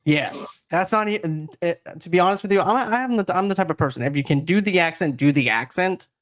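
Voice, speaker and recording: A man's voice: high-pitched, expressive, a little fast, a bit bright. A man co-hosting a casual movie review podcast, easygoing and agreeable as he retells scenes. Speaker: podcast co-host.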